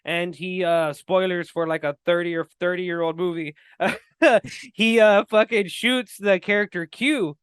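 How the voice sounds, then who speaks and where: A man co-hosting a podcast, talking casually and profanely, acting out movie scenes with lively energy. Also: sits high, a little slow, clear, resonant tone, dry recording, clean studio sound. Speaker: podcast co-host. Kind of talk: casual chat.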